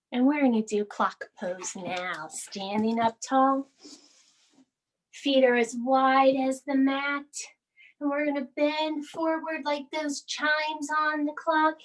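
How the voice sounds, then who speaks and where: A woman guides children through a bedtime yoga session in a soft, soothing, sing-song voice. She speaks high and unhurried, drawing out each phrase as she reads a picture book between poses. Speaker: yoga instructor. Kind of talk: children's bedtime yoga class with storybook reading.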